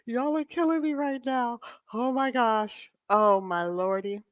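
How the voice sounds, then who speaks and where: A woman's voice: a little high, unhurried, no echo, highs cut off. A woman hosting a casual livestream, chatting affectionately with viewers and breaking into laughter often. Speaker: host of a royal-news channel.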